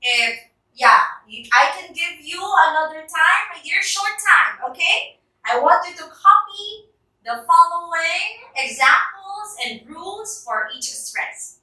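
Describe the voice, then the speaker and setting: A woman's voice: very high-pitched, expressive, slow, bright, forceful tone, recorded from a distance. Filipino woman teacher in echoey classroom. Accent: Filipino English. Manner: calls on students by name, checks understanding often.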